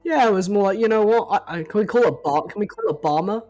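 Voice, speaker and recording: An upbeat, chatty esports co-caster analysing picks and asking post-game questions. The voice sits in an even middle range. Faint music runs under the broadcast. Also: mid-range voice, fast talker, highs cut off. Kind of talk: esports commentary.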